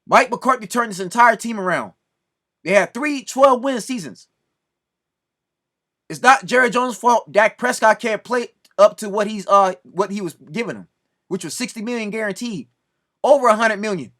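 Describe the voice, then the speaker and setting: A man's voice: sits high, normal speed, bright, forceful tone. A man ranting in commentary, scolding and preaching with lots of repetition. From Southern California. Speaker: video commentator.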